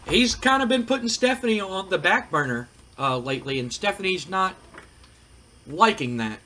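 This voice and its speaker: A man's voice: a little high, sharp tone, slight background noise. A man hosting a casual gaming commentary, chatty and rambling with frequent fillers. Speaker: host.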